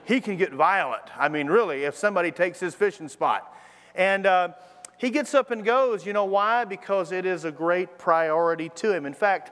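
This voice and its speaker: Middle-aged pastor, higher-pitched man, animated storyteller, church reverb. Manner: animated storytelling, acting out the quoted voices. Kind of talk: sermon. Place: church sanctuary. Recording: long hall reverb.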